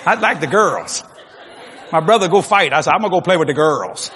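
A man preaching a sermon with jokes, swinging from low murmurs to loud shouts. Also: expressive, brisk, a faint crowd, slight background noise. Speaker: pastor. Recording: long hall reverb, faint ambience.

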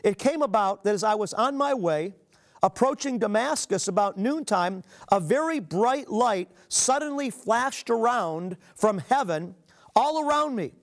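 Man, high-pitched voice, earnest preacher, sermon, emphatic scripture reading. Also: expressive. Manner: earnest, repeatedly addresses listeners as "beloved"; reads scripture aloud with emphatic pauses.

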